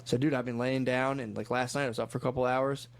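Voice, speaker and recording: Podcast co-host, male, mid pitch, rapid rambling storyteller who acts out quotes. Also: level tone, smooth. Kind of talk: casual podcast chat.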